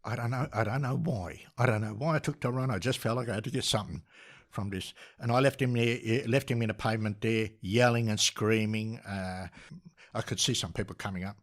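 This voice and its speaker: A man's voice: on the low side, steady tone, brisk. An older Australian man, a podcast guest, telling a story with energy, laughing and restarting often. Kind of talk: animated storytelling.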